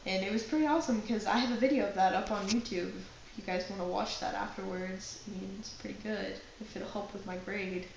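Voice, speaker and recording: A woman's voice: mid-range voice, a little fast, vocal fry, hardly any pauses, highs cut off. Chatty young woman in a very echoey room. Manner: animated, chatty storytelling with many asides. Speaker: acting class student. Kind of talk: personal anecdote told to a class. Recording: very echoey room with faint background noise.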